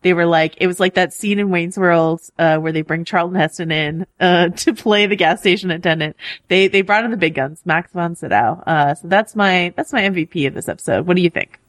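A woman's voice: lowish voice, brisk, no room sound, studio quality. A woman co-hosting a casual TV podcast, chatty and upbeat, laughing often between points. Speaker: podcast co-host. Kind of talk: casual pop-culture podcast chat.

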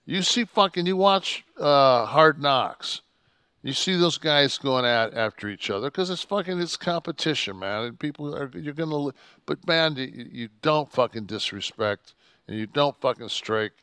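A profane podcast co-host tells a heated wrestling story in a casual chat, rambling and restarting as he goes. His voice is medium-pitched, expressive, sharp, and smooth, at a moderate pace in a dry recording.

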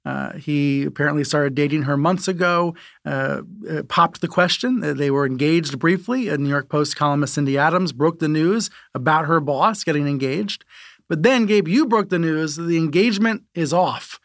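A middle-aged man in an animated podcast conversation, quick and given to repeating words. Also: on the high side, no echo, clean studio sound. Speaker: media reporter and podcast co-host.

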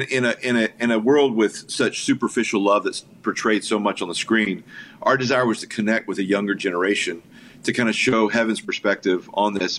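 Low-pitched male filmmaker guest, easygoing and enthusiastic anecdotes, faint hiss underneath. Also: fairly bright tone. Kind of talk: casual storytelling interview.

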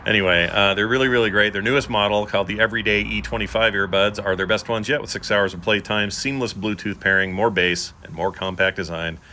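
A man's voice: lowish voice, steady tone, fast, hardly any pauses, bright, forceful tone, slight background noise. A man in his fifties co-hosting a podcast in casual chat, joking and rambling with puns. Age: 50s. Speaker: podcast co-host.

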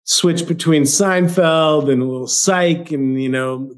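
A man talking as a guest on a casual podcast, in a voice pitched a little above most men. He rambles, circles back on his words and laughs easily between thoughts. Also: a little slow. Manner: rambling, laughing, repeats himself. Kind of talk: casual chat.

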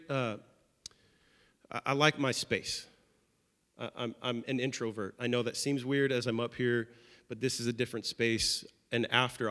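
A man preaching a sermon as pastor, conversational and animated with playful asides. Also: mid-range voice. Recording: long reverb of a large hall.

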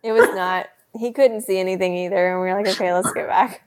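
Young woman podcast cohost, animated, laughs a lot telling stories. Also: mid-range voice, fast. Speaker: podcast co-host. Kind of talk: casual storytelling chat.

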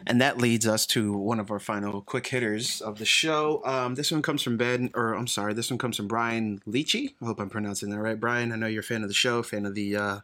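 A man's voice: on the low side, fairly quick, few pauses, fairly bright tone. A man hosting a podcast in casual chat, easygoing and hesitant while reading listener questions. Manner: easygoing, hesitant with filler words.

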